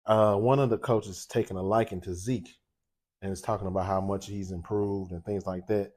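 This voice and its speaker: Middle-aged guy w a st telling a story on his cooking show, kinda low voice, laughs a lot. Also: normal speed. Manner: animated, laughing, voices quoted people. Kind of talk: casual storytelling.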